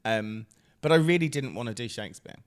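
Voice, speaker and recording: Animated man, laughing as he talks. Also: mid-range voice, brisk, smooth. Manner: animated, laughing often, many restarts. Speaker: guest. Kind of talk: casual chat.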